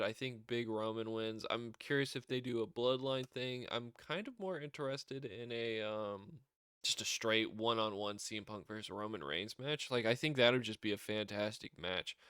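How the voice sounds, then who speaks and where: As a show reviewer, a man gives a rambling, casual recap, often acting out wrestlers' lines in a raised voice. His medium-pitched voice is pushed, bright, clear and resonant, with clean studio sound and no echo.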